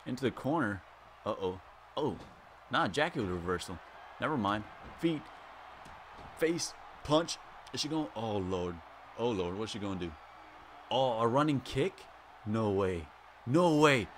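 A man calling a wrestling video game match play by play, playful and excitable, with sudden loud exclamations, sitting very close to the mic. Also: on the low side, measured pace, long pauses, a little hiss or hum.

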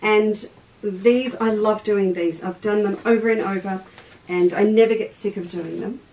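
A woman's voice: medium pitch, fairly even intonation, moderate pace, a little mellow, far from the mic, poor audio. Chatty Australian woman teaching sewing. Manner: chatty, stops mid-task to greet viewers by name. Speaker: craft teacher and shop host. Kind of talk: live sewing demonstration. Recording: voice a little off-mic, faint background noise.

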